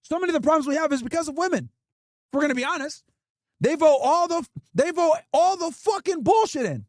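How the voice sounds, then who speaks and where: High-voiced man ranting on stream. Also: expressive, a little fast, darkish tone, no room sound, studio quality. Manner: profane, blunt, emphatic ranting. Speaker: livestream host. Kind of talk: casual streaming rant reacting to clips.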